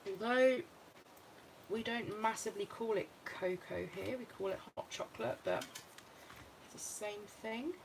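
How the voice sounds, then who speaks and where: A British woman walks through her scrapbook project in a relaxed, chatty way, thinking aloud as she goes. Her voice sits at a middling pitch. A clear layer of background noise runs under the recording. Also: measured pace. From United Kingdom. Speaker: craft vlogger. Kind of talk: casual crafting walkthrough.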